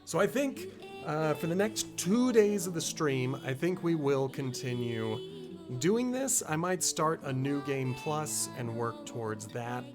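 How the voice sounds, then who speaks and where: A man's voice: a little high, lively intonation, measured pace, over music. A man streaming a video game, chatting casually and thinking aloud. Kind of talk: casual live-stream commentary.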